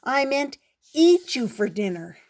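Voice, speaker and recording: A woman voicing a mean, short-tempered male ant who yells and snaps in exasperation. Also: high voice, very animated, unhurried, a little hiss or hum, voice pushed up, full character voice. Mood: angry, exasperated. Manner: yelling, exasperated.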